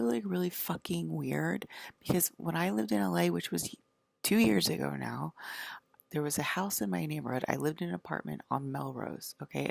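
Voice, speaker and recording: A woman vlogger with a low, creaky voice rambles through a profane, casual monologue. She says "like" a lot and slips into half-whispers now and then, and there's no echo on the audio.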